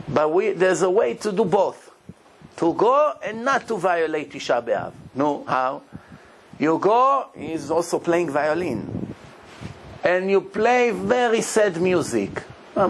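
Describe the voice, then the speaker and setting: A rabbi preaches and tells stories, acting out each person in them and laughing as he goes. His voice is gravelly and sits a little high for a man. Faint noise hums behind him. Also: low-quality recording. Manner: animated storyteller, acts out the people in his stories, laughs often. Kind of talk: sermon storytelling.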